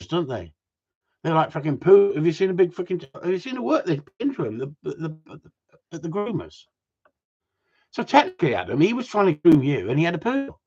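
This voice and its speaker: A man's voice: a little high, darkish tone. A man, teasing and joking crudely with friends, swearing freely and laughing often. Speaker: host of a gundog group chat. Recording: dull lo-fi sound.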